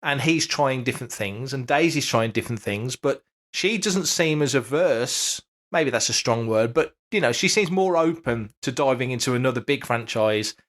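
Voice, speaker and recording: A man's voice: mid-range voice, expressive, moderate pace, few pauses, a bit bright. Emphatic man hosting a podcast. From United Kingdom. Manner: emphatic, fond of rhetorical questions. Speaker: podcast co-host. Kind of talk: casual podcast chat.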